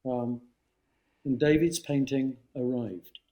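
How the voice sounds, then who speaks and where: A man in his seventies from London's East End with a London accent, a guest telling lively anecdotes and slipping into voices. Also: mid-range voice, slow pace. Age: 70s. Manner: animated storyteller, slips into voices. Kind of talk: casual anecdote.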